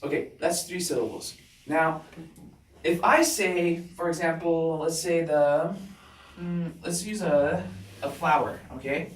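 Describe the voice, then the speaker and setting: Slow, deliberate male teacher in a roomy classroom. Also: fairly high pitch. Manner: slow and deliberate, checks in with 'okay?' after nearly every point. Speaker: English teacher. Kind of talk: classroom grammar lesson. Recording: roomy classroom sound from a distant mic.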